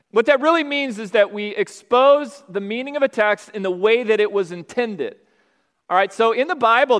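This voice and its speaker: Guy pastor doing a sermon, chatty but slows way down on the big points, clear voice, echoey sanctuary. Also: high-pitched, fairly bright tone. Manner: conversational preaching, slows for emphasis. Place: church sanctuary. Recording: long hall reverb.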